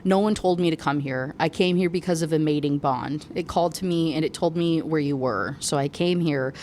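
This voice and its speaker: A woman voicing a male gargoyle warrior who is a devoted protector, speaking in a lowered, earnest tone. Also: fairly quick, a little mellow, a little hiss or hum, lightly acted.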